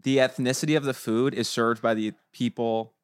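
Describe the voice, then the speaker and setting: A man's voice: mid-range voice, fairly even intonation, moderate pace, clean tone, no echo. Mid-voiced man griping casually on a podcast, dry close mic. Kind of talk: casual chat.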